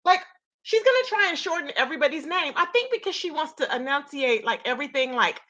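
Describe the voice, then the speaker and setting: A woman's voice: high-pitched, expressive, quick pace, a bit bright, lo-fi sound. A woman commenting on a streamed argument, sassy and gossipy, talking straight to her viewers. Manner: sassy, gossipy, talks to chat as y'all. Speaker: commentator reacting to a live-stream clip. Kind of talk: casual commentary.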